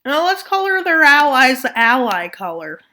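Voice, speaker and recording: Very animated and sharp in tone, a woman's high voice moves at a moderate pace as she comments casually on a map scenario. Along the way she makes joking asides and does playful mock voices.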